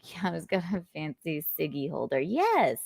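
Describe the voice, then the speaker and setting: A woman hosting a casual chat show, talking in an animated, rambling, joking way. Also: low voice, moderate pace, vocal fry, no room sound. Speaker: livestream host.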